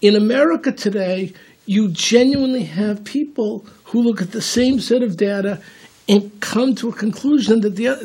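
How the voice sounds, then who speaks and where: A man's voice: sits high, moderate pace, darkish tone, breathy edge. An older man in casual political talk, rambling and repeating words while telling anecdotes. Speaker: political commentator.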